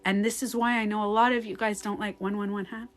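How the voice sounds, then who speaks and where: A woman's voice: mid-range voice, little pitch movement, fast talker, faint music behind. Candid, chatty woman live-streaming. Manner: rambling and candid, swears, laughs often. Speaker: life coach hosting a live stream. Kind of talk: casual live-stream chat answering comments.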